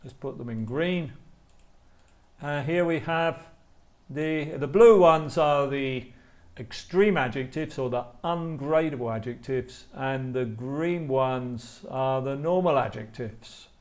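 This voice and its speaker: Male teacher, slow and deliberate, mid pitch, repeats words. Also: darkish tone. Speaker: English teacher. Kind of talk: live online class.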